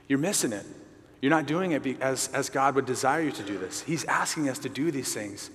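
A man's voice: mid-range voice, fairly quick, a bit bright. A man delivers a sermon in an earnest, conversational way, leaning on repetition to drive points home. His mid-range voice carries a long echo, as if recorded in a large hall. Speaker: pastor at a men's gathering. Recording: reverberant hall.

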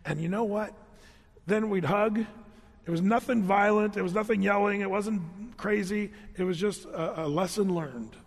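Brief: male pastor, lighter high voice, lively conversational sermon with humorous asides, long hall reverb. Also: moderate pace, vocal fry. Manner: animated, conversational, joking asides. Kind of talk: storytelling sermon.

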